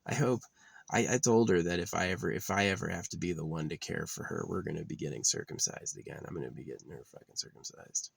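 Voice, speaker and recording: A man rants through a rambling vlog monologue, bitter and profane, circling back on himself as he talks. His voice sits very low with a gravelly, fried edge. The sound is dry and close, with no room around it. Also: fast talker, no echo. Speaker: vlogger.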